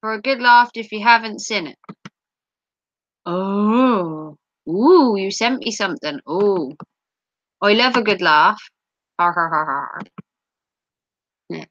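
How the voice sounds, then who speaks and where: A woman's voice: medium pitch, big pitch swings, takes it slowly, long pauses, fairly bright tone, no room sound, highs cut off. A middle-aged woman hosting a casual livestream, teasing viewers and reading their comments, her voice a little sore. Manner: playful, teasing, giggly. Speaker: livestream host. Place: home, streaming.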